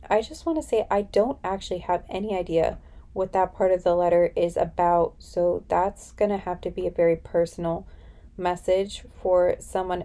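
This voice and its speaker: Chatty, excitable woman reading tarot. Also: fairly low pitch. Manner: chatty and rambling, with many "like" fillers; excitable, easily amazed. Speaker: tarot card reader and channeler. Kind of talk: casual pick-a-card reading to camera.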